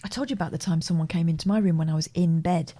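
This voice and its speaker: Low-voiced woman, wry co-host. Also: racing, warm tone. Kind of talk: casual chat, storytelling.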